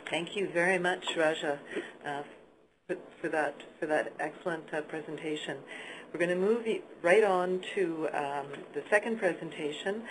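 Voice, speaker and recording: A moderator introduces the next speaker at a webinar, stumbling through many "uh"s and restarts. The voice sits in a mid pitch, with a clear hiss of noise on the line. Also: normal speed. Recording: noisy line.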